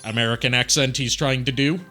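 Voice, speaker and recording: Brief: male stream host, relaxed chat, reads comments aloud; bright edge to the voice, music underneath. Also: medium pitch, fairly quick. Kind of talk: casual gaming chat.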